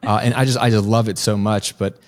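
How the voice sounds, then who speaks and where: A man's voice: on the low side, little pitch movement, brisk, no room sound. A man hosting a podcast interview, talking casually and enthusiastically with frequent restarts. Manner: enthusiastic, many restarts and fillers. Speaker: podcast host.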